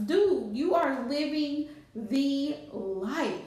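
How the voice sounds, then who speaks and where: A woman's voice: a little high, expressive, unhurried. A woman, chatting casually on a live stream with playful scolding asides. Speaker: livestream host. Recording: very echoey room.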